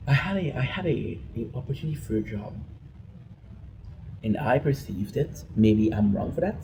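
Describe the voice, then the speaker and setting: A man's voice: mid-range voice, lively intonation, moderate pace, a little mellow, slight background noise, rough recording. A man vlogging an emotional personal rant, rambling and frustrated, often restarting his sentences.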